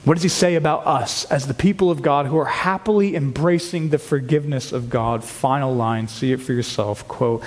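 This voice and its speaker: A man preaching a sermon to his church, earnest and emphatic, slowing down to read scripture aloud. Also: mid-range voice, big-room sound. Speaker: pastor. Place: church sanctuary.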